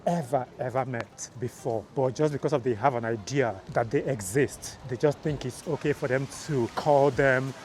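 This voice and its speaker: A man from Nigeria vlogs outdoors on a city street, speaking to a handheld phone in a chatty, emphatic way. His voice sits at an ordinary middle pitch, and he stretches his points by repeating words. Faint music plays softly behind him. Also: moderate pace, hardly any pauses. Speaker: vlogger. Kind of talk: casual travel vlog talk.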